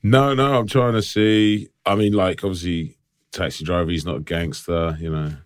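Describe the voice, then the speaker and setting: Man, podcast co-host, deep voice, rambling casual chat, dry close sound. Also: fairly even intonation, normal speed, dry recording. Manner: chatty, rambling, laughs often.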